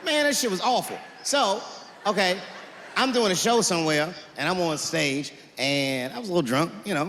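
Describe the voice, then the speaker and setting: Male stand-up comic, high, animated voice, big echoey hall, loud crowd. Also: moderate pace, slight background noise. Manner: animated storytelling, swinging into character voices. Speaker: stand-up comedian. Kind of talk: stand-up comedy routine. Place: large venue on stage.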